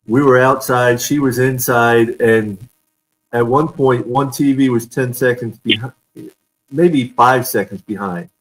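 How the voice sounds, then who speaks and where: This man hosts a laid-back live-streamed fan chat over a video call, where he's a chatty storyteller who laughs a lot. His mid-range voice keeps a steady tone and moves a little slowly, and the audio is poor.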